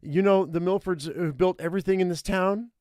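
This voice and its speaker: A man's voice: sits high, brisk, darkish tone, clean tone, dry recording, clean studio sound, pitched above the performer's own voice, lightly acted. A man voicing a frightened, proud teenage girl in an interactive horror story, pleading and breathless. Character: anxious rich teenage girl.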